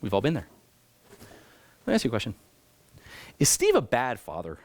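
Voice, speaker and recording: Animated man telling a teaching story. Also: mid-range voice, moderate pace, dry recording. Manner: animated, acts out voices and jumps between loud and hushed. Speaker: rabbi teaching an adult class. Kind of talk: lively storytelling lecture.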